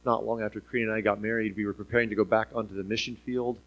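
A man preaching a sermon in an animated way, asking the listeners rhetorical questions and chuckling now and then. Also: on the low side, very fast, low-quality recording.

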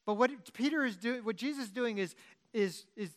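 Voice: mid-range voice, normal speed. Conversational preacher, often correcting himself. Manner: shifts between loud emphasis and quiet asides. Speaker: pastor. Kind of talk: sermon.

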